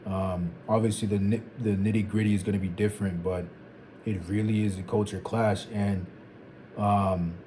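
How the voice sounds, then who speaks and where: A man's voice: lowish voice, little pitch movement, moderate pace, warm tone, a little hiss or hum. A young man from Zimbabwe thinking aloud in a reflective vlog, meandering and repeating phrases as he works through his thoughts. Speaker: vlogger. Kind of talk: reflective solo talk to camera.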